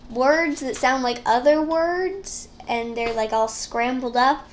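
A woman's voice: sits high, takes it slowly, a little hiss or hum. A woman co-hosting a casual family podcast, reading out facts and running the segments with lots of "like" fillers, on a sensitive microphone. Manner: upbeat, reads facts, many "like" fillers. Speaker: podcast co-host. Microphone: sensitive studio microphone.

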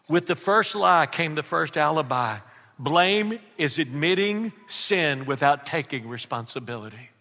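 Man, pastor, preaching a sermon, emphatic, questions the crowd, high voice, long church reverb. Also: bright, forceful tone. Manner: emphatic, calls out questions to the congregation.

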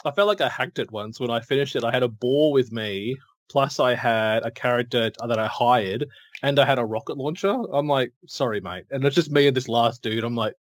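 Animated middle-aged man telling stories. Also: mid-range voice, brisk, no echo. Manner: animated storyteller, acts out dialogue, laughs often. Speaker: podcast co-host. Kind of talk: casual chat.

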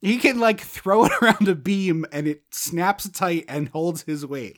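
A man hosting a podcast, rambling with enthusiasm about a movie in casual chat and often trailing off quietly. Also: high-pitched, lively intonation, a little slow. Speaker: podcast host.

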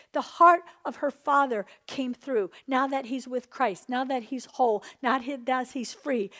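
A woman preaching a charismatic sermon, testifying with passion and swinging between hushed and loud delivery. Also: high-pitched.

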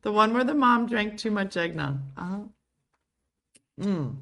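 A woman's voice: medium pitch, expressive, unhurried, a bit bright. A woman hosting a casual livestream chat from home, playfully riffing on viewer comments. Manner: playful, reads viewer comments aloud and riffs on them. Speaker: show host.

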